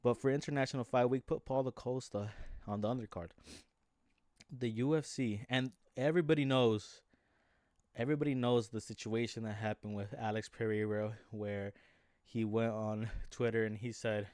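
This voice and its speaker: A man's voice: on the low side, steady tone, moderate pace, a little mellow, no echo. Rambling casual man, dry close mic. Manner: rambling, restarts and filler-heavy. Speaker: MMA commentary YouTuber. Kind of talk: casual talk.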